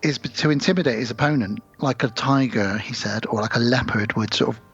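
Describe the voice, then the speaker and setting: A man's voice: mid-range voice, a little fast, slightly rough, muffled recording. A man co-hosting a podcast, casually retelling film scenes and acting out the lines. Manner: animated storyteller acting out lines. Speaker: podcast co-host.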